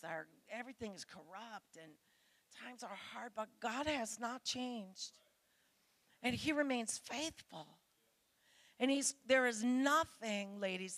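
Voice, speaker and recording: A woman's voice: medium pitch, a bit bright, dry recording. A middle-aged woman preaching a sermon to women, earnest and pleading as she speaks straight to her listeners.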